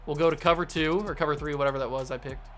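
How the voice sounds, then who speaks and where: Excitable young man calling his own game. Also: fairly high pitch, very fast, a little hiss or hum. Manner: excitable, jokey, narrates own plays like a sportscaster. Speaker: gaming channel host. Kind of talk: casual play-by-play commentary while gaming. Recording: faint game music behind.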